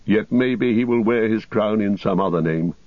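A man's voice: on the low side, normal speed, no echo, natural voice. A man voicing a proud, troubled prince who speaks formally and presses with questions in a storybook reading. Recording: dull lo-fi recording.

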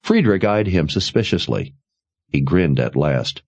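A deep-voiced man narrates an audiobook at a slow, deliberate pace with lively, expressive pitch. The recording is dry and close, slightly dull in tone. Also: dry recording. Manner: expressive storytelling. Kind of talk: scripted narration.

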